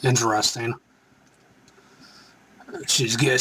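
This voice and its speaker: Excitable rambling man reacting live. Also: medium pitch, unhurried, slight background noise. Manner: excitable, rambling, breaks into chants. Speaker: live reaction show host.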